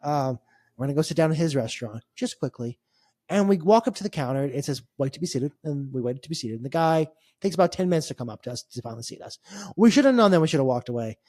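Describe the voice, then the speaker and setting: A man tells a long-winded travel story on a casual podcast. He rambles and restarts, wry and a little exasperated, and his voice sits a bit high for a man. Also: expressive, quick pace, a little mellow, dry recording, clean studio sound. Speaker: podcast co-host. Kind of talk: casual chat.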